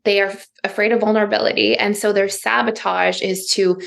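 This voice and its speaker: A woman's voice: mid-range voice, flat delivery, brisk, gravelly, a bit bright. A woman therapist, a podcast guest, explaining ideas fluently with everyday examples and a lot of "like". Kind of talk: explanatory interview talk.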